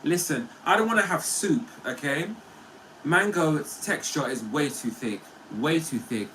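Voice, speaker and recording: A chatty man hosting a livestream, his fairly high voice swinging up and down with lots of life. His tone is bright and forward, and he talks playfully to his chat. A faint hiss sits under the recording. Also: lively intonation, a little slow, poor audio. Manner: chatty and playful, often laughing. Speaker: livestream host. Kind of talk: casual livestream chat reading viewer comments.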